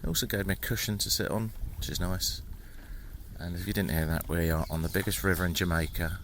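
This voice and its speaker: A British man with a very low voice narrates his travels in a loose, chatty audio-diary style. He is wry and irreverent and drops in the odd swear. He is recorded outdoors in the jungle, and crickets and birds are clearly heard behind him. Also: steady tone, brisk, fairly bright tone. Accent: British English. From Britain. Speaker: travel podcast host. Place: outdoors in the jungle, on a river raft and at an outdoor kitchen. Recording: outdoor field recording with insect noise. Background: chirping birds and crickets.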